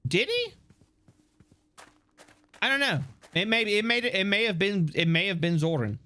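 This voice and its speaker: A male streamer chatting with viewers as he plays, rambling and playful, with the odd curse and plenty of laughs. His voice sits a little high and swings widely in pitch. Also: very animated, normal speed, sharp tone. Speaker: live streamer. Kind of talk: casual live-stream chat while gaming.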